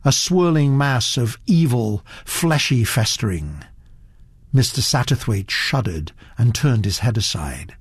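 Slow, lively male audiobook narrator, dry close recording. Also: mid-range voice, husky, no echo. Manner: measured, expressive storytelling. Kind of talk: scripted narration.

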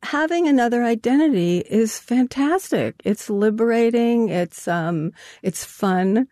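A woman's voice: fairly high pitch, animated, a little slow, warm tone, dry recording, studio quality. An older woman, a guest in an interview, talking in a casual, chatty way. She rambles a little and laughs often. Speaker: guest, co-founder of an anonymous artist collective.

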